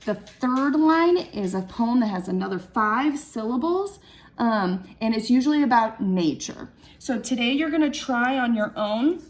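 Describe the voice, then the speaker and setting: A young woman teaches children how to write a poem, thinking aloud as she works. Her voice sits a little high and she takes her time, counting syllables slowly and patiently. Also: animated. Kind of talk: classroom lesson for children.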